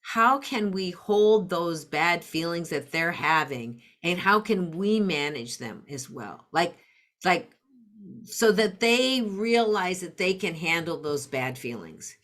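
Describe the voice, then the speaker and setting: Slow-spoken woman explaining patiently. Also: fairly low pitch, animated, fairly bright tone. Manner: patient, explains step by step with acted-out example phrases. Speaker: parenting coach, podcast guest. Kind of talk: explanatory interview talk.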